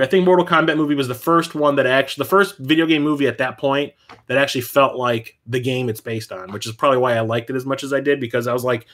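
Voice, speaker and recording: A man hosting a casual livestream, telling stories in an animated way and swearing freely. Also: medium pitch. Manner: animated storyteller, swears freely, quick bursts of excitement. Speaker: livestream host.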